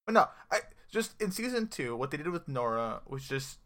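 A man's voice: a little high, big pitch swings, normal speed, a bit bright. A young man co-hosting a casual TV podcast, opinionated and dry, often trailing off at the ends of his sentences. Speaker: podcast co-host. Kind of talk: casual TV recap chat.

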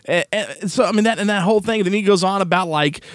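A man co-hosting a podcast, casually reviewing a film in an animated, exasperated way, laughing often. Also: sits high, quick pace, dry recording, clean studio sound. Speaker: podcast co-host.

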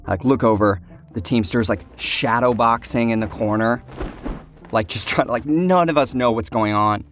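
Young man, animated storyteller, mid-pitched voice, faint music behind. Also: normal speed. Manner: animated, acts out other people's lines. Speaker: actor telling a story. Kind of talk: casual storytelling.

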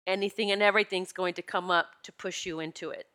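Woman host, bright and candid, spiritual storyteller, animated and emotional. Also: lowish voice, fast talker. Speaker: podcast host and retreat leader. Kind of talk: personal spiritual talk to listeners. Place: Pennsylvania home.

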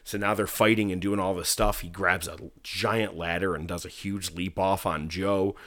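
This man has a deep voice and talks at a normal speed, with no echo in the recording. He co-hosts a casual wrestling podcast, telling stories with lots of swearing and acting out what people said with animated energy.

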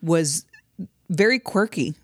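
A woman's voice: fairly low pitch, expressive, slow pace, breathy edge, no room sound, studio quality. A tired woman, a podcast co-host and new mother, chats casually and adds short, hesitant comments. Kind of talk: casual chat.

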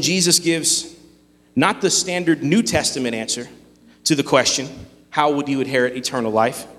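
A man preaching a sermon, earnest and emphatic, with dramatic pauses. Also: a little high, fairly bright tone, long reverb tail. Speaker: pastor.

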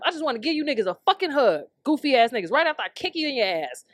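Young woman ranting loud and profane. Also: on the high side, sing-song, fast talker, hardly any pauses, dry recording, studio quality. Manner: loud, heated, swearing nonstop, bursts of laughter. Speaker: podcast host. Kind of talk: profane comedic rant. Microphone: studio mic on camera.

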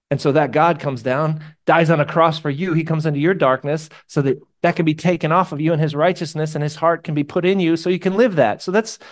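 A man preaching a sermon to a live congregation in a conversational, emotional way, asking his listeners questions. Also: mid-range voice. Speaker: pastor.

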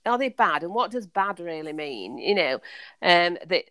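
A woman's voice: fairly low pitch, animated, normal speed, a bit bright, no echo, clean studio sound. A woman co-hosting a podcast, talking in a thoughtful, questioning way with many restarts. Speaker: podcast co-host. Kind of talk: casual chat.

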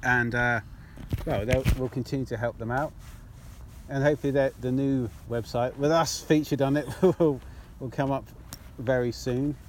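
A man's voice: mid-range voice, fairly even intonation, moderate pace, slight background noise. A British man co-hosting a podcast in casual chat, drunk, rambling, laughing often and stumbling over his words. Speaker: podcast co-host.

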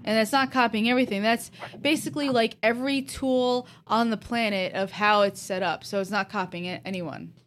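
A woman's voice: fairly high pitch, steady tone, brisk, hardly any pauses, fairly bright tone. A woman co-hosting a podcast, trading teasing, blunt banter in casual chat. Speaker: podcast co-host.

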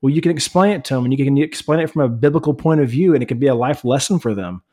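A man's voice: medium pitch, rapid-fire, mellow. A man co-hosting a faith-based podcast, plain-spoken and encouraging, repeating points for emphasis. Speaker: podcast co-host.

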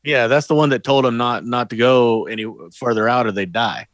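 A man's voice: mid-range voice, steady tone, brisk, fairly bright tone, no room sound, clean studio sound. Laid-back man correcting plot details. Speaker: podcast co-host. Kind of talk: casual chat.

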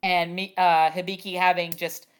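A woman's voice: lowish voice, normal speed, clear, resonant tone. A woman co-hosting a casual anime podcast, recapping plot scenes in an exasperated, joking way with lots of laughter and fillers. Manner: animated, laughs often, uses many fillers like "like". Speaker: podcast co-host.

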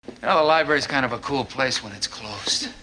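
An actor playing an amused man who shouts playfully in an empty library, in a sitcom clip. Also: medium pitch, a little fast, natural voice. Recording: TV sitcom clip with audience and noise.

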